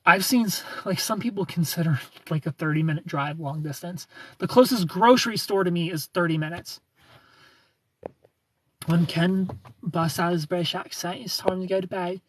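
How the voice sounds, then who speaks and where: A man's voice: sits high, normal speed, husky. A young man from the United States with a Southern accent, hosting a casual livestream and playfully greeting viewers by name. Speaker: livestream host. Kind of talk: casual chat with live viewers.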